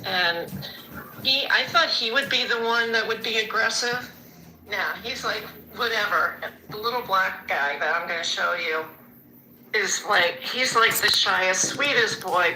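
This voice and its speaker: A woman's voice: medium pitch, sharp tone, a little hiss or hum, poor audio. A woman pet owner chatting casually, rambling and restarting her sentences. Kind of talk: casual street chat.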